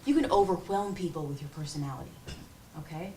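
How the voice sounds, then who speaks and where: A woman's voice: deep voice, fast, mellow, a little hiss or hum. A woman running an interview-skills workshop, giving direct, hands-on coaching to a class. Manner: direct, coaching, demonstrating poses. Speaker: workshop instructor. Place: large room with a class. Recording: roomy hall audio from far off.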